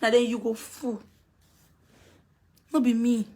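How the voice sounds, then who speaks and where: A woman's voice: fairly high pitch, little pitch movement, slow, heavy background noise. A woman speaking Nigerian Pidgin English, ranting on a live video, scolding and taunting someone and repeating herself. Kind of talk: heated live video rant.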